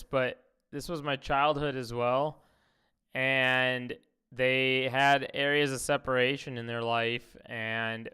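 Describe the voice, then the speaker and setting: A man's voice: medium pitch, pushed and bright, clear, resonant tone. A man streaming reactions to clips, thinking aloud in an offhand, casual way.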